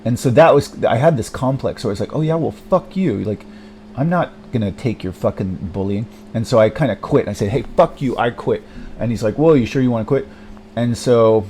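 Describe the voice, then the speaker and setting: A man's voice: mid-range voice, mellow, a little hiss or hum. A young man in a rambling personal monologue, hesitant and self-deprecating, full of fillers, restarts and swearing. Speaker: vlogger.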